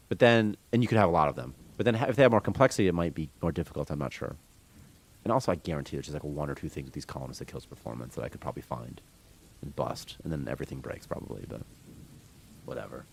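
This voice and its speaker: Man, low voice, rambling opinionated stream chat, dry close sound. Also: vocal fry, no echo. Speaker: game developer streamer. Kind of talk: casual rant on a live stream.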